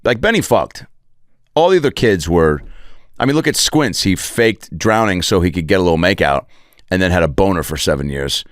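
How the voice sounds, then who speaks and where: A man's voice: deep voice, normal speed, no echo. A male comedian hosting a podcast, telling a profane, rambling comic story in a podcast studio. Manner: profane, digressive, animated. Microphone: podcast studio microphone.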